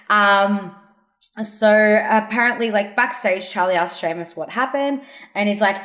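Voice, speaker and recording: A woman co-hosting a casual podcast over a call, retelling events with animated quoted voices and frequent laughs. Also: lowish voice, normal speed, reverberant. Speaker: podcast co-host. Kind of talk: casual chat recapping wrestling. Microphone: remote call mic.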